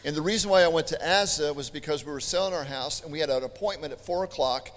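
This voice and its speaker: A man preaching a sermon, telling stories in an animated, chatty way with joking asides. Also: on the high side, fast. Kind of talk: storytelling sermon. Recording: long hall reverb.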